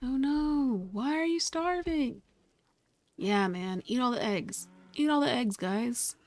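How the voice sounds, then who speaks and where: A woman's voice: a little high, lively intonation, takes it slowly, darkish tone. A young woman vlogger telling casual stories in a rambling, laid-back way, swearing freely and laughing often. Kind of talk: casual storytelling while crafting. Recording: faint music behind.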